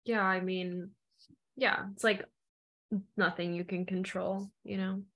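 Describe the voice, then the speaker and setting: A woman's voice: mid-range voice, flat delivery, slow pace, fairly bright tone. A young woman co-hosting a podcast in casual chat, laid-back and hesitant, with many "um"s and "like"s. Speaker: podcast co-host.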